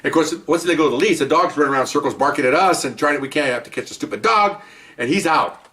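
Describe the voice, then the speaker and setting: An older man, a retired police officer, casually telling anecdotes, animated and chuckling, talking in fits and starts. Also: a little high, quick pace, recorded from a distance.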